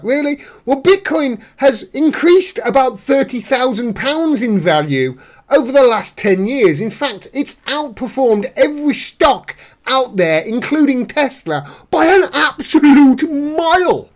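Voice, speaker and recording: Man, sarcastic commentary, fairly high voice, mocking news reader. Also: lively intonation, measured pace. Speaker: political commentator. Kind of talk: casual commentary reading news articles.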